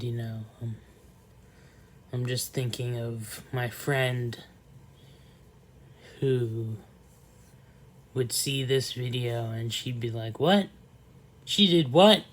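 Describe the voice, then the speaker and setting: A man talking to the camera in a slow, soft, rambling monologue, trailing off often and filling gaps with pauses. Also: mid-range voice. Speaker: vlogger.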